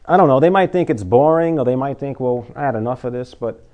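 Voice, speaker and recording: A man's voice: medium pitch, fast talker, muffled recording. A man preaching an informal sermon to his congregation, conversational and full of rhetorical questions, at times laughing at his own jokes.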